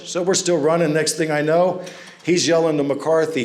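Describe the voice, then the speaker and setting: A man's voice: a little high, steady tone, normal speed. A man speaking at a fundraising event, telling anecdotes with self-deprecating humor into a stage microphone. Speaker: NFL referee and guest speaker. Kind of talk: storytelling speech at a fundraiser. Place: large banquet room at an event. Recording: echoey event hall.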